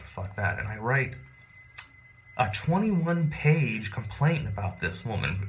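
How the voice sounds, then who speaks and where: A man telling a personal story in a rambling, animated, profane, casual way. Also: medium pitch, a little hiss or hum.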